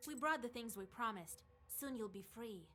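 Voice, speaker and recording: A man voicing a bold, commanding young woman witch with a brisk, bossy manner. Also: very high voice, lively intonation, sharp tone, big-room sound, faint music behind, pitched above the performer's own voice, exaggerated voice.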